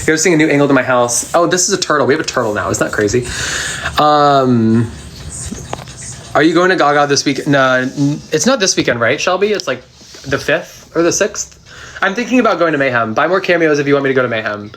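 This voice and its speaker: A man's voice: fairly high pitch, expressive, a bit bright, a little hiss or hum. A young man at home, chatting sassily into his phone as he answers fan questions on a live stream. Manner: chatty and sassy, quick comebacks. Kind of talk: casual live Q&A chat. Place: at home, sitting on the floor.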